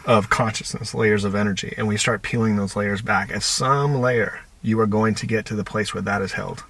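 A man's voice: lowish voice, steady tone, moderate pace, gravelly, fairly bright tone, slightly rough, no room sound. A man on a podcast, a counselor talking reflectively and telling stories about his clients in quoted dialogue. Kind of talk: conversational podcast talk.

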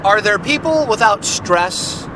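Slow-talking male podcast host, noisy background. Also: sits high, lively intonation. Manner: rambling, chatty, asks "right?" often. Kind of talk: casual solo podcast talk.

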